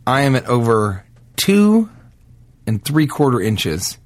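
A man co-hosting a comedy podcast, telling absurd jokes in a straight, deadpan way. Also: medium pitch, takes it slowly, no echo. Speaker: podcast co-host. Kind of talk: casual comedy chat.

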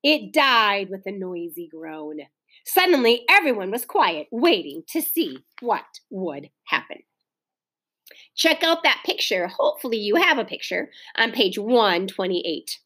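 A woman's voice: mid-range voice, unhurried, slightly rough. A woman reading a children's book aloud, talking directly to young listeners between passages. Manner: animated, doing children's voices, talks to listeners directly. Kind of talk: read-aloud storytime for kids.

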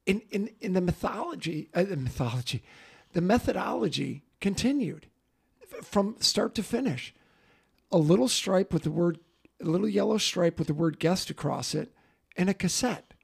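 A husky, gravelly man co-hosts a music podcast in a loose, joking way. His voice sits high for a man, and he tells stories with lots of laughter. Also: expressive, normal speed, no room sound, studio quality. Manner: laughing, storytelling. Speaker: podcast co-host. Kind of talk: casual chat.

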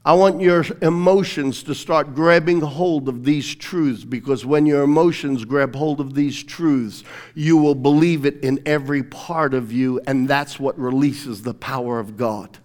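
This pastor's voice sits in the mid range, and his intonation is fairly even, his pace measured and his pauses few. His sermon is fervent and emphatic, moving from loud proclamations to softer teaching as he has the congregation echo his phrases back.

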